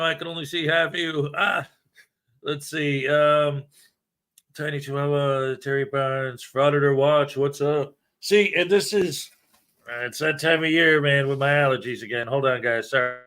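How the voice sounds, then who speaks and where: A man hosts a casual livestream, chatting loosely, cracking jokes, and greeting viewers by name. His voice is a little high and bright, with a forceful tone.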